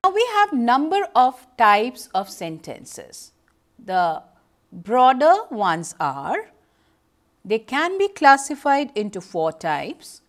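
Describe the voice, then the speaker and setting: A woman with an Indian English accent delivers an educational lecture at an unhurried pace. Her voice sits a little high and moves a lot in pitch. She explains step by step and reads out example sentences as she goes. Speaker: teacher.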